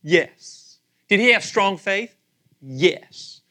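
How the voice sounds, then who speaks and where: Middle-aged male pastor, bright forceful tone, high pitch, lively sermon delivery with acted-out voices. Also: very slow. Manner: animated, acts out voices, asks audience questions.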